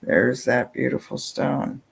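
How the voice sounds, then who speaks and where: A man chatting through an unboxing, gushing with breathy exclamations and whispered asides. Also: medium pitch, slow pace, low-quality recording. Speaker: vlogger unboxing subscription boxes. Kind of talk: casual unboxing chat.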